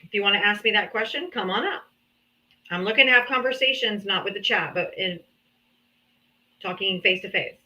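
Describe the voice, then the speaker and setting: A woman's voice: medium pitch, moderate pace, pauses often, bright, forceful tone. A woman hosting a live political debate stream, talking casually in a teasing, sarcastic way and talking down to people in the chat. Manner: teasing, sarcastic, talks down to commenters. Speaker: livestream debate host. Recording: dull lo-fi stream audio.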